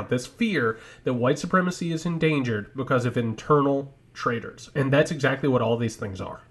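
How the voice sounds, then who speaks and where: A mid-pitched man from Indiana co-hosts a political discussion podcast. He talks in an emphatic, lecturing way and often throws in rhetorical questions. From Indiana, United States. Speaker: podcast co-host.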